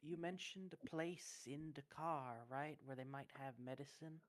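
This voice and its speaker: A tabletop game player chatting in character, halting and restarting, adding stage directions. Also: mid-range voice. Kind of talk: casual in-character chat over voice call.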